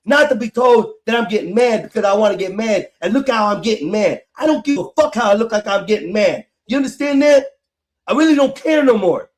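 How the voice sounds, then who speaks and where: A man's voice: sits high, lively intonation, a little fast. A man hosting a live stream panel, arguing angrily and defiantly, swearing a lot. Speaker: stream host. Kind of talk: heated argument on a live stream.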